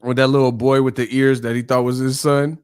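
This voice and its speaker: A man's voice: mid-range voice, level tone, fairly quick, clear, resonant tone. A male channel host in a casual live-stream chat, telling stories animatedly and laughing often.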